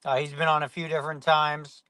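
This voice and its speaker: A man's voice: fairly high pitch, little pitch movement, brisk, pushed and bright, no echo. A man hosting a casual sports podcast, rambling with lots of fillers and restarts. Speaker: podcast host.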